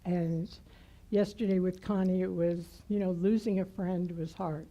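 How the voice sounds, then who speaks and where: Slow, mellow-voiced woman minister. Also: on the low side, fairly even intonation, rough recording. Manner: gentle, heartfelt and unhurried. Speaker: guest minister. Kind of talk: sermon. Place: church sanctuary.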